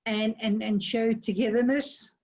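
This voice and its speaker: A hesitant woman joins an online session and speaks with halting restarts. Her voice is slightly high and husky. Her audio comes through dull and lo-fi. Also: steady tone, darkish tone. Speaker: session participant.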